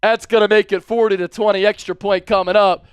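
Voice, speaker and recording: A man hosting a live sports stream, excitedly calling the game and reading out viewer donations between fan chants. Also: high voice, fairly quick, smooth, no room sound. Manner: chanting and shouting fan cheers.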